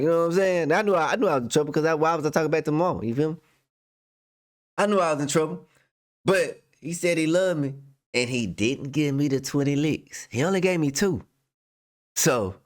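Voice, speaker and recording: This is a young man doing reaction commentary, laughing often and talking in loose street slang. His voice sits a bit high for a man. He tells his own stories in a casual, joking way.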